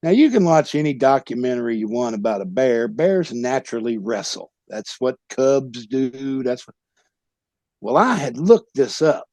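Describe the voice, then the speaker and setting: A former pro wrestler telling a rowdy, profane story as a podcast guest. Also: male voice, mid-range voice, animated, normal speed, dry recording. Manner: profane, loud tall-tale telling. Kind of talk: animated comic storytelling.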